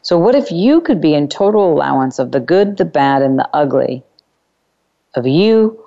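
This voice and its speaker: A woman hosting a self-help call-in radio show, speaking in unhurried, emphatic phrases and repeating chanted clearing phrases. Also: sits low, big pitch swings, warm tone, lo-fi sound.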